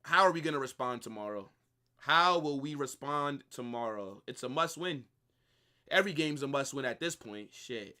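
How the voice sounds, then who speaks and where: A young man, reacting live to a football match in excited, exasperated rants full of swearing and repeated phrases. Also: medium pitch, normal speed. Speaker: football watch-along streamer.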